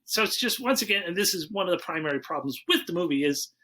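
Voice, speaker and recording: A man's voice: high voice, lively intonation, quick pace, bright, forceful tone. A man hosting a casual movie-review podcast, loosely recapping the plot with fillers and asides. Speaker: podcast host.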